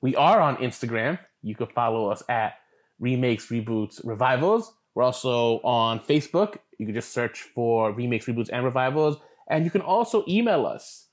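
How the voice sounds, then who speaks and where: Chatty male podcast co-host, animated and joking, mid-pitched voice. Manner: chatty, animated, quick to joke. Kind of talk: casual chat.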